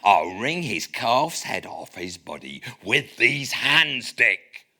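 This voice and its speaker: A man reading aloud as a scheming one-legged pirate cook, in a put-on West Country pirate accent and a gruff, rough-and-ready tone. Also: mid-range voice, big pitch swings, slow pace, bright, forceful tone, full character voice. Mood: menacing. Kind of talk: dramatic reading.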